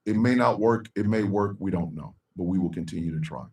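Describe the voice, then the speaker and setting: A middle-aged man hosting a live talk stream, speaking in a heartfelt, slow way with long dramatic pauses. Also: low-pitched, far from the mic. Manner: bursts into a loud shouted sign-off. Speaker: show host.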